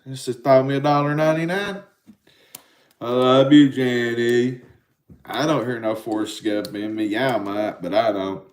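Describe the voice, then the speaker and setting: A man's voice: mid-range voice, brisk. A man in his forties with an Appalachian accent, rambling and swearing in casual live-stream chat with his viewers. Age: 40s. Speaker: livestream host. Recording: roomy echo.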